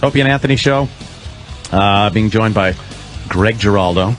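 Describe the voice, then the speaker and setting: A man's voice: on the low side, normal speed, soft background music. A man hosting a radio talk show, bantering crudely and laughing often in the studio.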